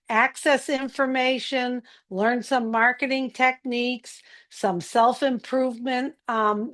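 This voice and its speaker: A woman giving encouraging instructions on a live online group call. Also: fairly high pitch. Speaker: community group speaker.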